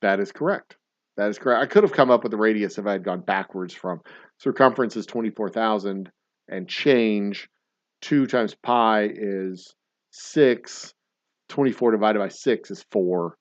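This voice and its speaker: A man's voice: fairly low pitch, measured pace, dry recording, lo-fi sound. A middle-aged man hosting a casual trivia livestream, rambling and swearing in mock-grumpy rants. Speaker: trivia game host.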